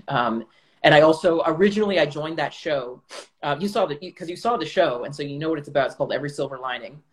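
A man's voice: fairly high pitch, poor audio. A young man from Canada, an actor, talking reflectively in a casual chat with many fillers and restarts. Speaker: actor guest. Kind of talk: casual video-call chat.

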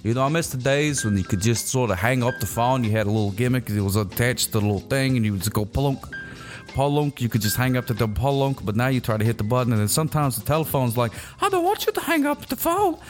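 A man's voice: mid-range voice, fast talker, darkish tone, soft background music. A man hosting a comedy radio show, rambling goofily and giving mock-serious advice. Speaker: host.

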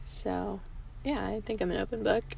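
A woman's voice: medium pitch, steady tone, moderate pace, vocal fry, very noisy. A young woman in a casual group chat, speaking earnestly and reflectively.

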